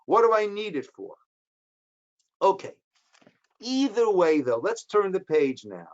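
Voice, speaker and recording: A rabbi teaches a Torah class in a high, sing-song voice, explaining the text line by line, posing questions and answering them. He acts out the speakers with quick, dramatic quoted bits, and the recording is muffled.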